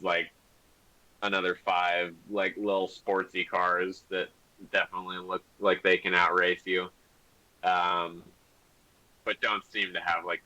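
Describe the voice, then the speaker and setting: A man's voice: sits low, sharp tone, poor audio. A man narrating a tabletop game as game master, rambling with many fillers. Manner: rambling, full of "like" and "um".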